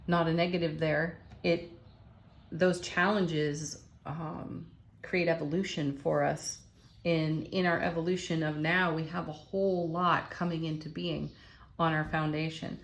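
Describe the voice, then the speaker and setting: Lowish-voiced woman doing an upbeat tarot reading. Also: a little hiss or hum. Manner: enthusiastic, affirming, exclaims over cards. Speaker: tarot reader.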